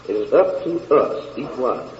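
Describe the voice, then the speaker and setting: A man's voice: medium pitch, big pitch swings, darkish tone, lo-fi sound, slight background noise. A preacher man in an echoey hall. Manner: slow, deliberate reading with long pauses. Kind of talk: sermon with scripture reading.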